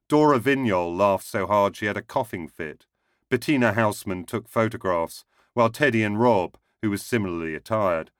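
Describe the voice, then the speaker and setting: A man reads a short story aloud in a wry, understated way. His voice sits low. The recording is dry and close-miked. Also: no echo. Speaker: narrator.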